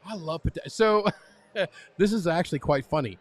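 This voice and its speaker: Man, podcast co-host, casual banter, repeats himself, somewhat high-pitched. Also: animated, moderate pace. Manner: loud, joking, repeats himself. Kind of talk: casual chat over drinks.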